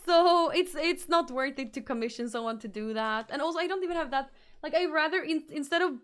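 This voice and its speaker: A high-pitched young woman with a northern Swedish accent, talking loosely to her viewers as a streamer. She repeats words and restarts sentences as she goes, and she slips between English and Swedish. The chat is relaxed and unscripted. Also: moderate pace, pauses often. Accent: northern Swedish (Norrbotten). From Norrbotten, northern Sweden.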